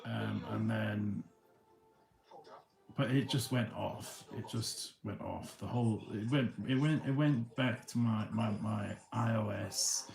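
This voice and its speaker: A man livestreaming from his phone on a tripod at home, talking in a halting, rambling way with many restarts. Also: on the low side, steady tone, gravelly, darkish tone. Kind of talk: rambling casual monologue. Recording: echoey room.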